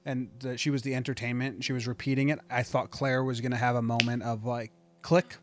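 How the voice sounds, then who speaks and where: A man's voice: medium pitch, flat delivery, brisk. A man co-hosting a podcast, chatting casually and rambling about a TV show, laughing often. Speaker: podcast co-host.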